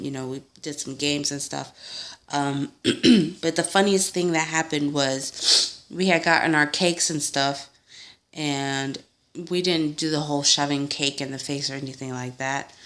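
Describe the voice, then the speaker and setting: A young woman talks at home in a relaxed vlog, her voice sitting low. She rambles with fillers and small laughs and acts out the quotes. The tone stays casual and unscripted. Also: unhurried. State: sick. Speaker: vlogger. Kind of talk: casual chat answering a tag video.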